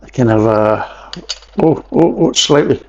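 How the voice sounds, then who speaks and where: A Scottish man talks through a beer review in a loose, rambling way, drifting into jokey asides as he goes. His voice sits at a middling pitch, and the recording sounds a little dull and lo-fi. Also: normal speed, vocal fry, a little mellow. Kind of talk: casual vlog review. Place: at home at a table.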